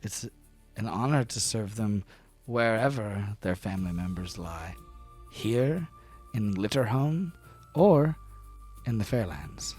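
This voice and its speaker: A man's voice: lowish voice, animated, slow pace, long pauses, darkish tone, soft background music. A man voicing an older gnome maid, a small woman who speaks formally and reverently. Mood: respectful.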